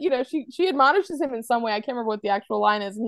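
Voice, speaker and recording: An American woman with a slightly high voice co-hosts a casual podcast, recapping scenes in a lively, rambling way. The sound is dry and close, with no room echo. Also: racing, few pauses. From United States. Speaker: podcast co-host. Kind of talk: casual chat.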